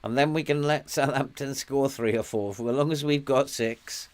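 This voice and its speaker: At a medium pitch and regular pace, an older man from Wales chats through his stream's gameplay. He keeps up a casual commentary, coaxing and scolding his virtual players with frequent chuckles.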